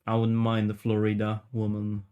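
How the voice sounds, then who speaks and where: A man with a lowish voice talks to his live viewers while he works, rambling from one joke to the next. His delivery stays fairly level and unhurried in its melody, with a casual swear here and there. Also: monotone, a little mellow, clear, resonant tone, dull audio. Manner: rambling, joking, reads chat aloud. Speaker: livestreamer sculpting while chatting.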